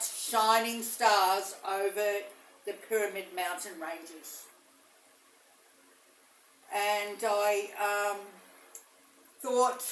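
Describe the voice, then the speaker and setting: A woman telling a rambling first-person visionary story, halting often with fillers and restarts. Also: medium pitch, a bit bright, slight background noise. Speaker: spiritual storyteller. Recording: echoey room, mic far off.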